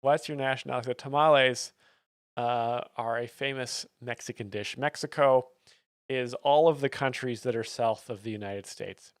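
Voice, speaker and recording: A man giving deadpan, mock-serious commentary as a comedy stream host, with plenty of fillers. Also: medium pitch, measured pace, clear, resonant tone, no echo, clean studio sound.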